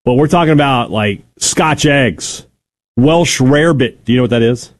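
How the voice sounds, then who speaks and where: A man's voice: mid-range voice, moderate pace. A man co-hosting a sports talk radio show, joking and playful in casual banter.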